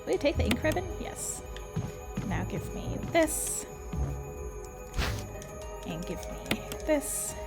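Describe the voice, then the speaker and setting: A woman's voice: high voice, big pitch swings, takes it slowly, vocal fry, pauses often. A woman streaming a horror video game, chatting casually and playfully to her chat and her cat, with self-mocking asides. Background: loud video game music.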